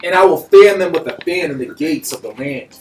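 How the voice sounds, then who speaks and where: A man reading scripture aloud in a steady, measured way during a group study. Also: a little high, recorded from a distance. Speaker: scripture reader. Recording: echoey room, speaker off-mic, faint noise.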